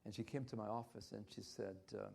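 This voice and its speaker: A man's voice: on the low side, steady tone, a little fast, gravelly, darkish tone. An older man giving a church health lecture, emphatic and repetitive, with frequent hesitant restarts. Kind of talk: health talk at a church conference.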